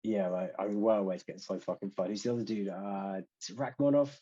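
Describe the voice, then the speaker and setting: Low mellow-voiced guy, blunt and sweary, kinda muffled lo-fi mic. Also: steady tone, quick pace, slightly rough. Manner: blunt, profane, offhand. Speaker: podcast co-host. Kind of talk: casual sports chat. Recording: dull lo-fi mic.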